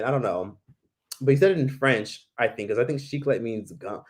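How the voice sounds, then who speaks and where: A man chats loosely through a live Q&A from home, his voice at an ordinary middle pitch. He rambles, packs every sentence with "like" and "literally", and slips into the voices of the people he quotes. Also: lively intonation, a little fast. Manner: rambling, fills talk with "like" and "literally". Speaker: YouTuber hosting a live Q&A. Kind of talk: casual livestream chat.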